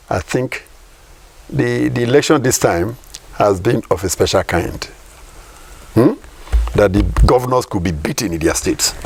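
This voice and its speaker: A man's voice: lowish voice, gravelly, a little mellow, slight background noise. A Nigerian man, a professor, giving emphatic political commentary in an interview, repeating points and asking rhetorical questions.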